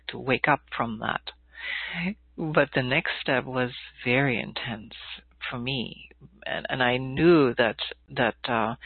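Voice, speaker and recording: A woman telling a reflective personal story in a halting, thoughtful way, with many pauses and fillers. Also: extremely low pitch, breathy edge, no room sound. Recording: tinny phone-like dry sound.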